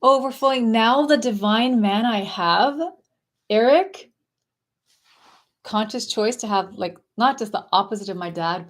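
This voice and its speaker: A woman coaching viewers on a casual live stream, talking in a soft, dreamy and effusive way. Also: medium pitch. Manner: gushing, affectionate and effusive; soft, dreamy spiritual phrasing.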